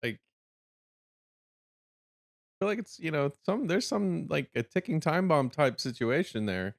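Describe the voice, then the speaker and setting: A man's voice: fairly high pitch, sing-song, measured pace, creaky. Guy reacting to stuff, voice goes up and down a lot, keeps restarting and laughing. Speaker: reaction video host. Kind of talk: casual reaction commentary.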